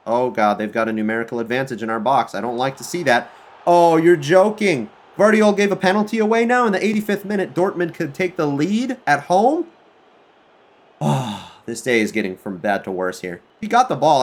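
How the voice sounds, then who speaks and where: A man commentating his football video game career mode, excitable and swinging between groans and outbursts at his players. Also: medium pitch. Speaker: gaming YouTuber.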